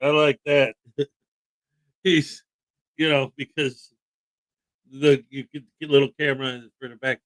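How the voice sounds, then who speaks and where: A man's voice: medium pitch, level tone, unhurried, pauses often, fairly bright tone. A man hosting a casual morning livestream, upbeat and jokey, greeting viewers by name. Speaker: host.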